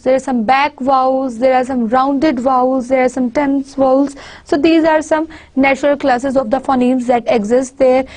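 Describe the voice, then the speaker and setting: A woman with a Pakistani accent teaching a university lecture in a high voice. She explains patiently step by step, breaking off and restarting her sentences as she gives spoken examples. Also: a little mellow.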